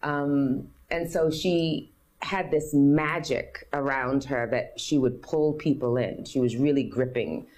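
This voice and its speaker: Low-voiced New woman in her fifties. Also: slow, darkish tone. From New York City. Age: 50s. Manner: earnest, open, acts out others' voices in quotes. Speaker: guest. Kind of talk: personal storytelling interview.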